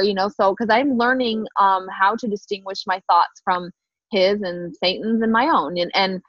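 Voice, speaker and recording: A woman co-hosting a faith podcast, telling a story in an animated way and acting out the dialogue. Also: mid-range voice, moderate pace, no room sound, lo-fi sound. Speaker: podcast co-host. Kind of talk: casual faith podcast chat.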